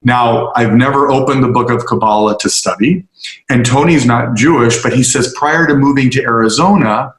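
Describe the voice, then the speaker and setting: A man of middle pitch tells a heartfelt story to a group, leaning into each line with earnest emphasis and playing out the voices in it. His voice carries the echo of a roomy space around him. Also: moderate pace. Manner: earnest, emphatic storyteller who acts out quotes. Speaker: guest speaker. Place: on location with a tour group.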